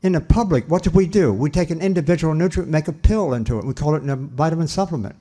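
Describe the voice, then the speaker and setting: Older male scientist lecturing; mellow, earnest, emphatic, repeats himself. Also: on the high side. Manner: earnest, emphatic, repeats phrases with pauses and restarts. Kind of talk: public lecture.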